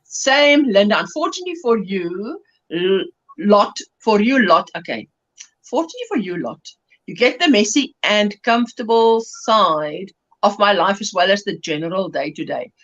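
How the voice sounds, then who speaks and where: A woman's voice: mid-range voice, very animated, moderate pace. South african lady chatting on a crochet stream, reads comments out, laughs a lot, dull lo-fi audio. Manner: chatty, laughs often, reads chat aloud. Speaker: crochet livestream host. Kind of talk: casual chat reading viewer comments. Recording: lo-fi livestream audio.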